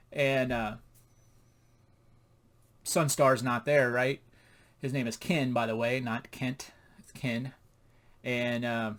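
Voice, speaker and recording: Chatty man reviewing a comic book. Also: mid-range voice. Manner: chatty, rambling, laughs at the jokes.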